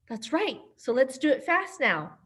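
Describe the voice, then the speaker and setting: A woman librarian leading an online storytime for toddlers, her voice sitting high and bright in pitch. She takes her time, speaking slowly and cheerfully in a sing-song way, coaxing the children and their grown-ups to join in over a video-call mic. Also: sing-song, husky. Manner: upbeat, sing-song, encouraging, talks to children and caregivers.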